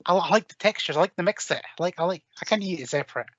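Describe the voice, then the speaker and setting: A man's voice: high voice, animated, very fast, fairly bright tone, no room sound, dull audio. Emphatic, sweary Scottish man. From Scotland. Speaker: podcast co-host. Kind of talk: casual chat.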